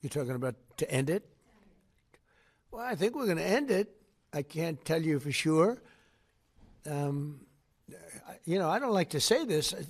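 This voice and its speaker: A man's voice: a little high, very animated, normal speed, pauses often. An older American man giving off-the-cuff press remarks, boastful and rambling, repeating his phrases as he answers reporters. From United States. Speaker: head of state taking press questions.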